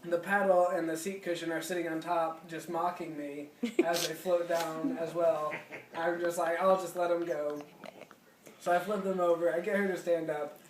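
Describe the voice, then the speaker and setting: A man's voice: on the high side, level tone, moderate pace, noisy background. Man, easygoing storytelling, chuckling, far from mic, echoey room. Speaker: interviewee. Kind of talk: casual storytelling.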